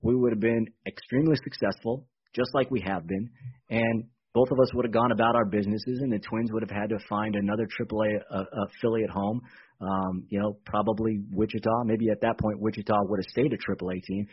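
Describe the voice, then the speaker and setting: Husky-voiced man on muffled radio. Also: on the low side, steady tone, fairly quick. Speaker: baseball team executive guest. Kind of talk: casual radio interview.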